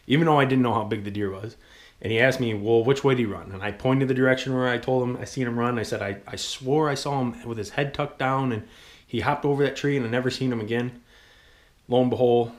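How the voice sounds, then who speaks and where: Young man, low voice, casual hunting story, excitable, rambling, ums and chuckles. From Michigan. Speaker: hunting channel host.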